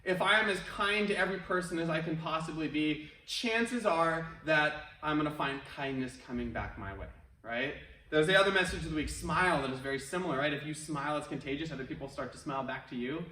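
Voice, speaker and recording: Upbeat martial arts instructor, echoey room. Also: male voice, fairly high pitch, lively intonation, a little fast, bright, forceful tone. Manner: upbeat, encouraging, counts down and coaches. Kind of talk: online fitness class instruction. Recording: echoey room, mic at a distance.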